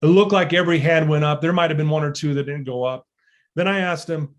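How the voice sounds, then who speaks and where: A man's voice: a little high, steady tone, fast talker. A man telling a personal story as a motivational speaker, earnest and building to emphatic peaks, with frequent fillers. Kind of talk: storytelling talk to an audience.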